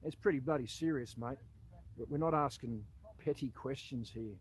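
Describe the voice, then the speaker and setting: An Australian man, an army veteran, giving a blunt, earnest monologue aimed at an official, with loud appeals that sink to low asides. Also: normal speed, husky, poor audio. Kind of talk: impassioned monologue addressed to an official.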